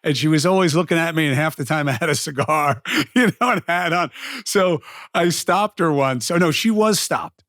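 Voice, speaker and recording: Chatty male host, higher voice. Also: normal speed, a bit bright, dry recording, studio quality. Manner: chatty storytelling, conversational fillers. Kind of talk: casual interview talk.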